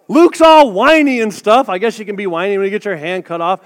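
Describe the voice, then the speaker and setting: A man with a rather high voice preaches to his congregation in a relaxed, talky way, tossing in joking asides. His words ring out with a long hall reverb, as in a church sanctuary. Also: fairly quick, hardly any pauses. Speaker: pastor. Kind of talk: sermon.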